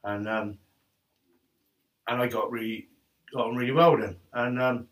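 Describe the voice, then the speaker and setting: A middle-aged man telling animated football stories in casual chat, laughing often. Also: medium pitch, moderate pace. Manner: laughs often, animated anecdotes, quotes others. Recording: distant mic with faint noise.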